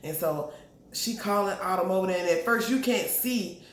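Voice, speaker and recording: A woman's voice: mid-range voice, normal speed. A woman tells a TV episode back in casual slang, slipping into each character's lines as she goes. Her voice sits in the middle range for a woman. The room is echoey, with faint noise underneath. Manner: animated storytelling, acts out characters' lines with slang. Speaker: TV show recap vlogger.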